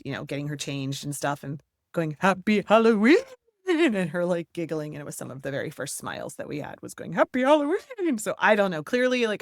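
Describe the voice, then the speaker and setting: A woman's voice: low voice, dry recording, clean studio sound. A woman hosting a history podcast, reading a scripted narration with playful, theatrical emphasis and chatty asides.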